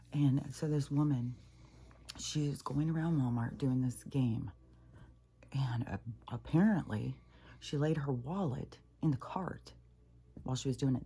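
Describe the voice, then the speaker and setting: A woman's voice: very deep voice, warm tone, breathy edge. A woman talking in a casual, rambling monologue, blunt and profane, often restarting her sentences. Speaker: spiritual talk creator.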